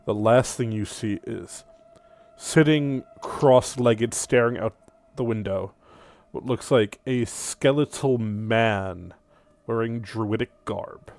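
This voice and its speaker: A man narrating a tabletop game as game master, unhurried and descriptive. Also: medium pitch, gravelly, darkish tone. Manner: descriptive, unhurried scene-setting.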